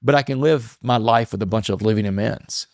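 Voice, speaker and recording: A man being interviewed as a podcast guest, telling a personal story in an earnest, reflective way with halting restarts. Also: fairly low pitch, dry recording, studio quality. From Texas.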